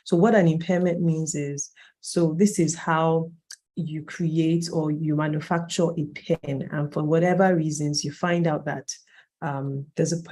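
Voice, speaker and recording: Late thirties, facilitator, dark mellow tone, lecture to a cohort, emphatic asides. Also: mid-range voice. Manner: conversational, emphatic asides, self-corrects mid-sentence. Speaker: workshop facilitator.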